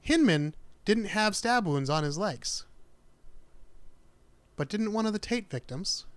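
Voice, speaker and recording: A man's voice: high-pitched, animated, slow, clear, resonant tone, no room sound. A man hosting a podcast, telling a true-crime story in a casual, chatty way with dry jokes. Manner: chatty, dry jokes, acts out quoted people. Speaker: podcast host.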